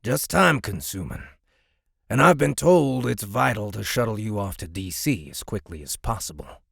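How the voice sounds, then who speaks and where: A man voicing a brusque, contemptuous male base commander in an audiobook, with a gravelly, husky voice. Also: lowish voice, lively intonation, moderate pace, a bit bright, no room sound, studio quality, full character voice. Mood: curt. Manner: curt, contemptuous. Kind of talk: audiobook character voice.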